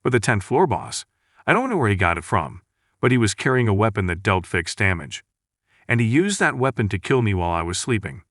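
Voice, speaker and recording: A man's voice: lowish voice, sing-song, fairly quick, a bit bright, dry recording, studio quality. A man reading the lines of a brash dead warrior ghost who boasts and mocks, in a recap narration. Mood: boastful. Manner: boastful, scolding, mocking. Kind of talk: recap narration with read-out dialogue.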